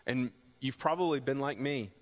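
A man preaching a sermon as pastor, rising into loud, impassioned passages. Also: moderate pace. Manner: builds to loud, high-pitched pleading passages. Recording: long hall reverb.

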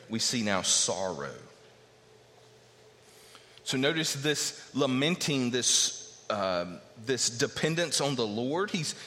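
A man's voice: mid-range voice, bright, forceful tone. A man preaching a sermon earnestly, teaching verse by verse and acting out the voices he quotes. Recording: long hall reverb.

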